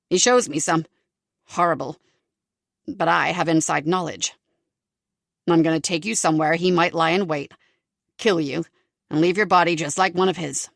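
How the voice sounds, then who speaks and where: A calculating man, calm and cold, whose low voice stays quiet and menacing, as a woman narrator puts him on. The tone is gravelly, with a dry, close sound. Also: no echo. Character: cold calculating middle-aged male killer.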